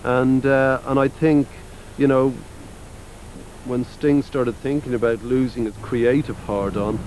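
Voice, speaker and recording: A man's voice: mid-range voice, fairly even intonation, takes it slowly, darkish tone, a little hiss or hum, low-quality recording. Rambling Irish man, blunt and profane. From Ireland. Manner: rambling, blunt and profane, full of "you know" fillers. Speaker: interviewee, musician. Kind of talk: casual interview chat.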